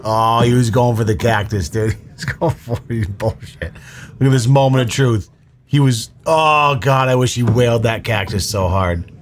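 A man's voice: lowish voice, normal speed, a little hiss or hum. A man hosting a reaction video, riffing on clips with sarcastic, mock-serious rants. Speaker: commentary video host.

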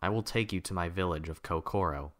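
A man's voice: deep voice, brisk, a bit bright. A man voicing a cold, suspicious male ice warrior, curt and icy.

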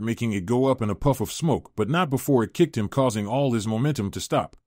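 Steady male fan-fiction narrator. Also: mid-range voice, no room sound, clean studio sound.

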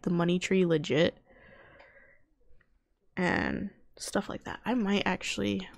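A woman's voice: medium pitch, vocal fry, no echo, studio quality. A young woman casually commenting on her video game as she plays, chatting to her characters and muttering to herself. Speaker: gaming youtuber. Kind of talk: casual let's-play commentary.

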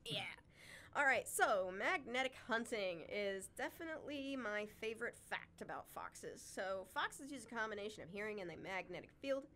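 A woman's voice: a little high, lively intonation, normal speed, sharp tone, a little hiss or hum. A woman co-hosting a casual chat, talking with chatty enthusiasm and frequent laughs. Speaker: podcast co-host, wildlife sanctuary keeper.

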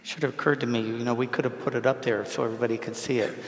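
A male priest delivers a loose, conversational homily, stopping to question his congregation and repeating words as he thinks aloud. His voice carries a gravelly texture. It sounds roomy, with the long reverb of a large church. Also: mid-range voice, steady tone, rapid-fire. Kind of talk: informal homily at Mass.

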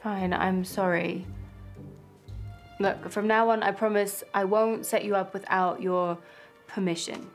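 A woman's voice: medium pitch, steady tone, a little slow, pauses often, soft background music, close to an everyday voice. An actress playing a young woman who sets people up on dates and sounds defensive and insistent. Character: pushy matchmaking young woman. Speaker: character in a comedy series.

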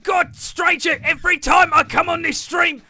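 A British man doing a shouty, excitable merchant. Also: very high-pitched, normal speed, pitched above the performer's own voice, heavily acted. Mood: startled. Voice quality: loud exclaiming. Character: excitable male merchant character. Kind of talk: live-stream role-play.

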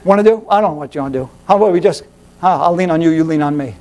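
A man's voice: on the high side, racing, darkish tone, voice pushed down, natural voice. A preacher voicing a sluggish, bored man with nothing to do, in a listless drawl.

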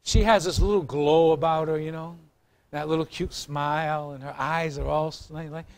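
A male pastor preaches in a high voice, loose and chatty, cracking jokes and teasing his congregation between points. He speaks to a live church crowd. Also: a little fast, a bit bright. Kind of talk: sermon. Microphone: recorded on tape in the room.

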